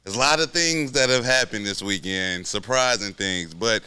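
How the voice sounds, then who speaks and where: A man hosting a casual sports podcast, full of slang and quick hype reactions. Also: lowish voice, bright, forceful tone, smooth. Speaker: podcast host.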